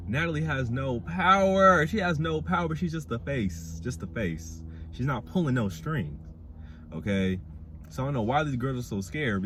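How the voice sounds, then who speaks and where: A young man with a Black dialect, giving a sassy, animated casual review of a reality show. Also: slight background noise. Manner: animated, sassy, mimics cast members in high voices. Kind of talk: casual commentary.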